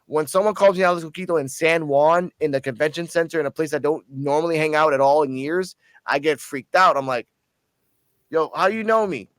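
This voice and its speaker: A man from Puerto Rico telling a story in a casual, animated vlog, cursing freely and sounding a little tipsy. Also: on the high side, a little fast, clear, resonant tone, no echo. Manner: profane, animated, excited storytelling. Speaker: channel host.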